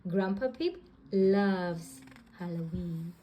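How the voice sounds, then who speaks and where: A woman reading a children's bedtime story aloud, gentle and sing-song. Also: on the low side, slow, muffled recording. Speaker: storybook reader.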